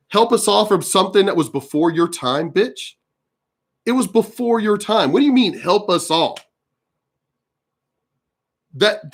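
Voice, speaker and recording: A man in his fifties rants straight into his own vlog, cursing freely and telling stories in a blunt, combative way. His voice sits a little higher than most men's. He talks like someone who says exactly what he thinks and does not care who minds. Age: 50s. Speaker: video commentator. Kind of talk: ranting commentary vlog.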